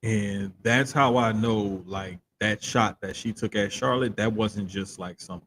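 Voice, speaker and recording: A man co-hosting a podcast in casual chat, talking in an animated, emphatic way and keeping his accent in check the way broadcasters do. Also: on the low side, slight background noise. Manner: animated, drawn-out emphatic storytelling. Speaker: podcast co-host.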